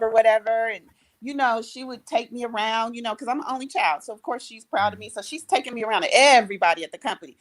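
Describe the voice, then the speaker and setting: Woman, high pitch, animated storyteller on a group podcast. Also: quick pace, low-quality recording. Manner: animated storyteller, acts out quoted relatives. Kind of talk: casual storytelling in group chat.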